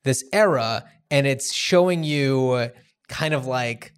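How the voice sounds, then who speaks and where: A man's voice: medium pitch, slow, clean tone. A man in a casual film chat, loose and conversational, with fillers and a curse now and then.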